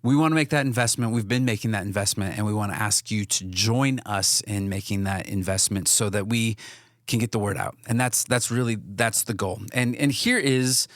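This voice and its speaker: A man's voice: lowish voice, normal speed, a bit bright, dry recording, clean studio sound. A man co-hosting a podcast in a casual, earnest way, often restarting his sentences. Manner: earnest, many restarts and fillers. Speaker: podcast co-host.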